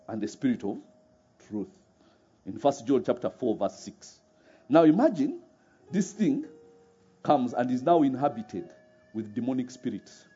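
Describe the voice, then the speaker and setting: A man's voice: on the high side, mellow, husky. A man preaching a sermon, often laughing and firing rhetorical questions at his audience. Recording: muffled recording with faint music.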